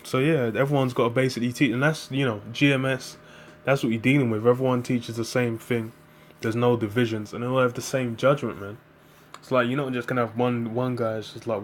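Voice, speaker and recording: A man's voice: medium pitch, fairly even intonation, normal speed. A man preaching in a rambling, casual monologue, full of fillers and profanity, quoting scripture. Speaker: religious group member.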